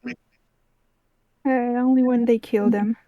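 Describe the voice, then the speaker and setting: A woman playing an elf character in a tabletop game, answering in a slow, low-key way. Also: steady tone, dull audio. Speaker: player voicing an elf character.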